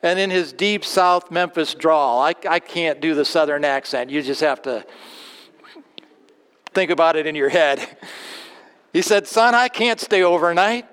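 Male pastor, sermon, resonant high tenor, long hall reverb. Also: a bit bright, smooth. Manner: earnest, repeats words, slows on key phrases. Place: church sanctuary.

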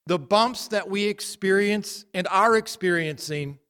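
A man's voice: high-pitched, unhurried, pushed and bright, clean tone, in a large hall. A man preaching a sermon, telling stories in a plain, conversational way.

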